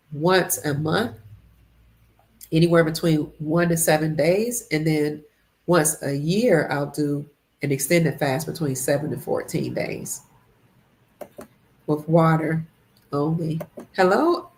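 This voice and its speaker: Speaking slowly with long pauses, a woman with a low, somewhat dark voice hosts a casual livestream. She welcomes viewers by name and reads their comments aloud, sounding a bit congested while fasting.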